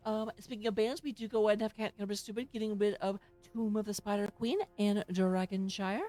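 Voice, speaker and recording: A woman's voice: medium pitch, fairly even intonation, fast, mellow, faint music behind. A woman casting a live-streamed esports match from her home setup, playful, goofy and self-mocking as she talks into a headset. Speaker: esports tournament caster.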